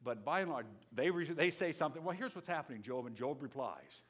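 A middle-aged man, a pastor, preaching a sermon in a lively, emphatic way, often restarting his sentences. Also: a little high, brisk, breathy edge. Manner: lively, emphatic, with frequent restarts and dramatic drops to a whisper.

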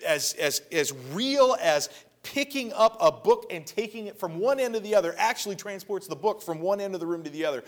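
A man preaching a sermon earnestly, swinging between loud emphatic lines and hushed, quiet passages. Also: on the high side. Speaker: pastor.

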